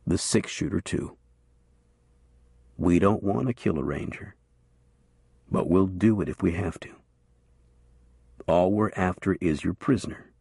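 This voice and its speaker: A man voicing a cold, hooded male gunman who speaks low and quietly with menace. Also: a little slow, vocal fry, pauses often, husky, no echo, studio quality, full character voice. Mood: menacing.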